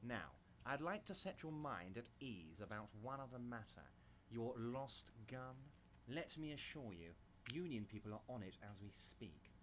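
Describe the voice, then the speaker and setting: A smug, scheming union boss. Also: male voice, medium pitch, big pitch swings, fairly bright tone, slight background noise, poor audio. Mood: sly. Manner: slow, smug, purposefully pausing. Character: pompous scheming walrus-like male union boss. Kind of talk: video game voice acting. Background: game music.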